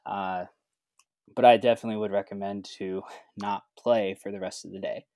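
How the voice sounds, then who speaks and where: A man's voice: on the low side, moderate pace, dry recording. A man, a certified athletic trainer, telling a story in a casual way, full of fillers, and acting out the dialogue. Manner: relaxed, acts out quoted dialogue with lots of fillers.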